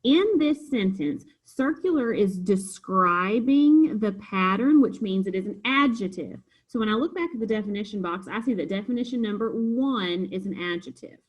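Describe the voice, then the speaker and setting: Patient teacher, female, slightly husky, explains homework answers one by one. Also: medium pitch, lively intonation, normal speed, hardly any pauses, low-quality recording. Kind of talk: recorded homework review lesson.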